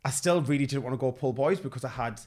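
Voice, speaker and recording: A man's voice: medium pitch, fast, a little mellow. A young man with a Geordie accent, a guest in a casual chat, telling a story candidly and swearing freely.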